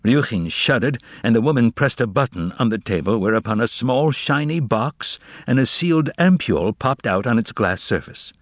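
A man reading a novel aloud as narrator in a measured, expressive way. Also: medium pitch, dry recording, clean studio sound. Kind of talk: audiobook narration.

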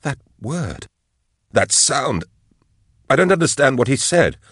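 A man's voice: big pitch swings, slow, fairly bright tone, husky, dry recording, studio quality, exaggerated voice. A man voicing a panicked, nauseous young male soldier, gasping and frantic. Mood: shaken. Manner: frantic, gasping, higher-pitched.

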